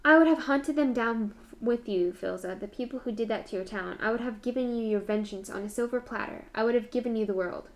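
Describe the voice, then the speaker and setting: A woman voicing a bitter, hurt immortal male warrior in a read-aloud story, speaking in a sharp, reproachful way. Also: fairly high pitch, brisk, hardly any pauses, lightly acted. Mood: pleading.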